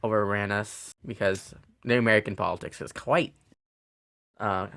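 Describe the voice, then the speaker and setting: A man's voice: fairly low pitch, steady tone, normal speed, vocal fry, a bit bright, a little hiss or hum. A man co-hosting a casual podcast, dropping short joking remarks into the talk. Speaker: podcast co-host.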